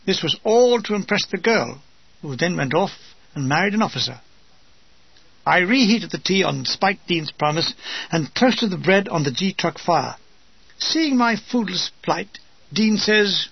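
A man's voice: on the high side, expressive, moderate pace, gravelly, husky, no room sound. An older British man with a wry, dry comic manner, reading his war memoir aloud. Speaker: memoir narrator. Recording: dull, dry lo-fi recording.

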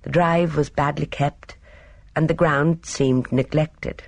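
An audiobook reader narrating a novel in an expressive, measured storytelling manner. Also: mid-range voice, no echo.

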